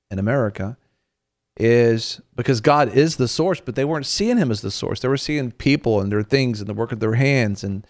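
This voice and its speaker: Man preaching in a lively, conversational way. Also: mid-range voice. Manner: animated, acts out quoted voices. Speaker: minister on a faith talk show.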